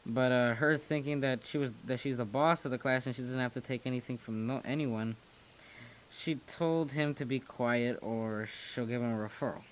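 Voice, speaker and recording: A man's voice: medium pitch, normal speed, a little hiss or hum. A young man in his teens telling stories casually to his viewers, rambling and often restarting his sentences. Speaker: channel host. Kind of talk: casual storytelling commentary.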